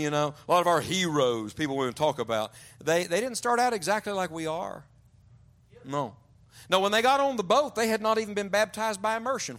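Man preaching a storytelling sermon. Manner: storytelling, drops to a hushed low voice for emphasis. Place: large church auditorium.

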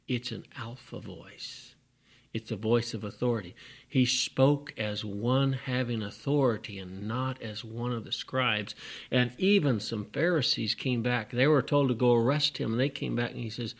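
A man's voice: mid-range voice, creaky, breathy edge. A man preaching a folksy, emphatic sermon, with sudden rising bursts.

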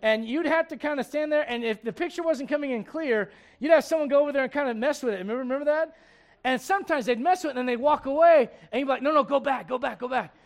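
A man who sounds to be in his forties preaches a sermon quickly in a strikingly high-pitched voice. He's animated, keeps throwing questions out to the congregation, and acts out the people he quotes.

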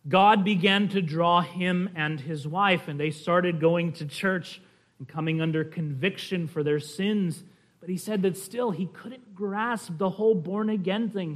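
Male pastor, fairly high voice, earnest sermon delivery, addresses the congregation directly. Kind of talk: sermon with storytelling.

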